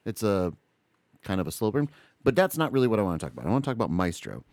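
Animated, lower-voiced man chatting on a podcast. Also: rapid-fire, dry recording. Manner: rambling, animated, full of restarts and asides. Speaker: podcast co-host. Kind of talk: casual chat.

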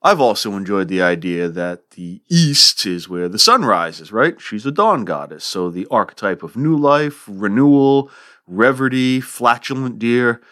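A man's voice: fairly low pitch, sing-song, measured pace, a bit bright. A man hosting a literature podcast, lecturing with wry joking asides and reading a poem aloud. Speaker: podcast host.

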